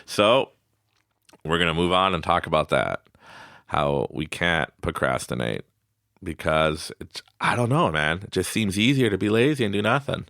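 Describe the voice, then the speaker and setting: A gravelly, fairly low-voiced man hosts a podcast, giving a casual motivational talk. His pitch swings widely as he laughs and acts out quotes in playful voices. The sound is dry and close, recorded in a small studio. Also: lively intonation, moderate pace, fairly bright tone, dry recording. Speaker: podcast host.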